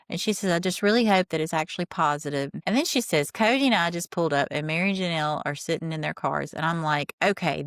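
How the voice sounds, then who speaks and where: A woman hosting a podcast, talking through a reality show episode in a blunt, exasperated way and not shy about swearing. Her voice sits a bit low for a woman, recorded close and dry with no room sound around it. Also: no room sound. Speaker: podcast host. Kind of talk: casual recap commentary.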